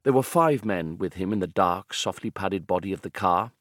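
A man reading an audiobook in a measured, calm, descriptive manner. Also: deep voice, no room sound, clean studio sound. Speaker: narrator. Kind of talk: scripted audiobook narration.

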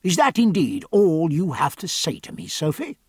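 A man's voice: a little high, wildly swooping pitch, normal speed, breathy edge, dry recording, studio quality, exaggerated voice. A man playing a middle-aged naval officer husband in an audiobook, earnest and pleading. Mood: gentle. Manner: earnest, pleading, then harsh. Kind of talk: audiobook character voice.

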